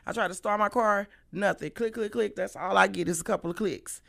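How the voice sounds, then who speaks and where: Gravelly, bright-voiced St. woman. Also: medium pitch, fairly quick. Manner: animated, profane, swings between loud and hushed. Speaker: livestream host. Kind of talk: casual storytelling monologue.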